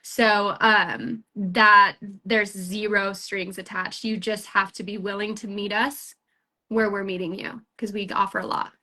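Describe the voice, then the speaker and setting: Bright, upbeat woman hosting a sales chat. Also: medium pitch, flat delivery, unhurried. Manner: upbeat and rambling, full of fillers and restarts. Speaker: sales team lead hosting a recruiting chat. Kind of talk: casual recruiting chat.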